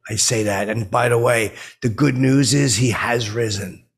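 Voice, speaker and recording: A man's voice: mid-range voice, moderate pace, gravelly, breathy edge. A man playing an oblivious, boastful washed-up stand-up comedian who rambles self-importantly with lots of filler. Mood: rambling boastful. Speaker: podcast host. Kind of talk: improvised comedic monologue.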